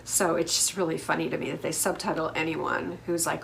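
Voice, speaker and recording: A woman's voice: low-pitched, brisk, gravelly, few pauses, a bit bright, a little hiss or hum. A middle-aged woman from the United States hosting a casual TV recap, chatty and opinionated with lots of fillers. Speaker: host.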